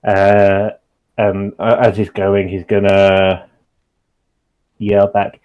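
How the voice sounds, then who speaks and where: Casting: male player, lowish voice, thinks aloud, stop-start as he narrates his character's moves. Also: completely flat delivery, a little mellow, clean tone. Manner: halting, thinks aloud with many ums. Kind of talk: describing his character's actions in a tabletop game.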